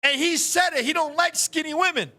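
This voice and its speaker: High, sharp-voiced man telling stories. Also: a little fast. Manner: animated, profane storytelling with frequent laughs. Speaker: talk show host. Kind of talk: casual live-stream chat.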